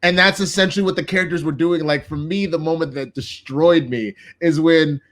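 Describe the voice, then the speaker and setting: A man co-hosting a casual TV review chat, excited, swearing often and acting out lines. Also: on the high side, a little fast. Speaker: co-host.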